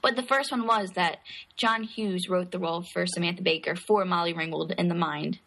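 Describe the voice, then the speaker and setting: A woman's voice: lowish voice, a little fast, vocal fry, a bit bright. A woman co-hosting a podcast, reading out trivia items in a casual chat. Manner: reads lists, laughs off teasing. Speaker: podcast co-host.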